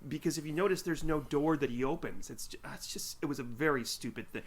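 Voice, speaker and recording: A man's voice: on the high side, fast. A man co-hosting a film podcast, chatting casually and mocking scenes as he retells them. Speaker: podcast co-host. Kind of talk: casual chat.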